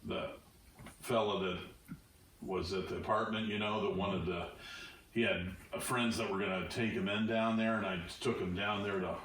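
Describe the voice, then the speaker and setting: Low-voiced man in a very echoey room. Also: steady tone, normal speed, a bit bright. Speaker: podcast co-host. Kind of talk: casual podcast chat. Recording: very echoey, far from mic, faint hum.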